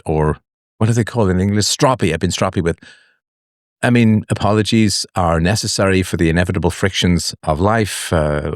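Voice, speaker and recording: A man with a deep voice hosts a live call-in philosophy show. He talks in a reflective, wandering way with a wry edge. His voice sounds dry and close, with no room echo.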